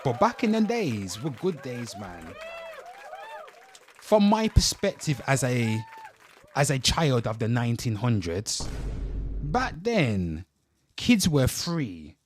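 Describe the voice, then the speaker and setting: A man's voice: mid-range voice, very animated, takes it slowly, long pauses, a little hiss or hum. An English man in his thirties hosting a casual reaction commentary, swearing freely and talking straight to his chat. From England. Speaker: host.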